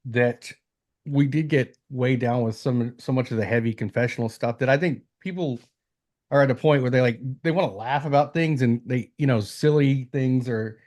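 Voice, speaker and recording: A man co-hosting a podcast in loose chat. He talks in an easygoing, meandering way, at a middle pitch. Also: normal speed, a little mellow.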